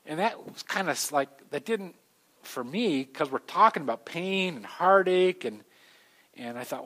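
A middle-aged man preaching a sermon, telling stories with an animated delivery that swings from loud to soft. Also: a little high, fairly quick. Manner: animated storytelling, voices shifting loud and soft. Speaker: pastor.

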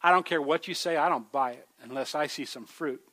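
A man's voice: a little high, brisk, fairly bright tone. A man preaching a sermon in a conversational way, calling his listeners folks and growing more emphatic as he urges them. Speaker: pastor.

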